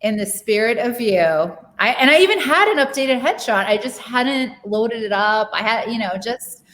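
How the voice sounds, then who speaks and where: A woman's voice: on the high side, moderate pace, fairly bright tone. A woman hosting a podcast, chatting with her guest over a video call. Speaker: podcast host. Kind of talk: casual interview chat.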